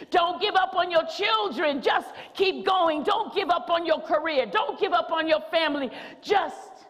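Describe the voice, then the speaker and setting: Woman preaching, high voice, rhythmic repeats and shouting, long church reverb. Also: a little slow. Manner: rousing, rhythmic repetition, rising to shouts. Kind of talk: sermon. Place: church sanctuary.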